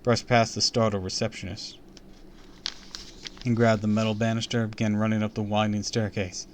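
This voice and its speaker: A low-voiced man reads a spooky children's story aloud on a live stream. His delivery is expressive and theatrical, leaning into the suspense. A faint hum of noise stays in the background. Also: moderate pace.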